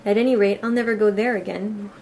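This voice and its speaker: A woman's voice: medium pitch, steady tone, quick pace, creaky, darkish tone, a little hiss or hum, lightly acted. A woman reading as Alice, a curious and polite young girl, in a slightly raised, eager voice.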